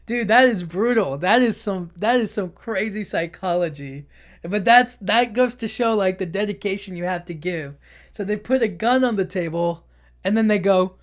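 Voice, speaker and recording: A man's voice: high voice, moderate pace. A man hosting a podcast, casually retelling a film in a rambling way, full of filler words, with frequent laughs. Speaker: podcast host. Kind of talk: casual movie recap.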